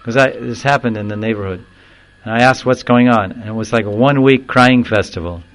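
A man delivering a spiritual talk at a mid-range pitch. He explains scripture, then slips into lively storytelling, mimicking the characters with a chuckle here and there. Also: poor audio. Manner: animated storyteller who acts out quoted voices and chuckles; recites Sanskrit verse slowly, then explains it. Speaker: spiritual teacher. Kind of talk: devotional discourse with storytelling.

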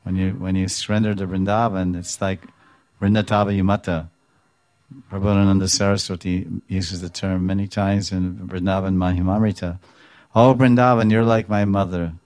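Deep-voiced male preacher, animated storyteller, dry close recording. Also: no room sound. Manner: animated storytelling, explains terms, chuckles. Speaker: devotional speaker. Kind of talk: devotional talk retelling scripture stories.

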